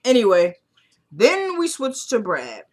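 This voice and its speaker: A woman's voice: fairly high pitch, wildly swooping pitch, measured pace, a little mellow. A woman vlogger talks through a TV episode in a loose, casual recap. She is chatty and opinionated and drops in slangy asides.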